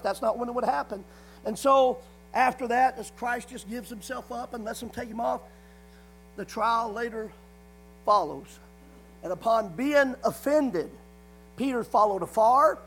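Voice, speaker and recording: A man with an extremely high, husky voice preaches a sermon on a rough recording. He drives his points home through emphatic repetition, punctuating them with frequent calls of "amen."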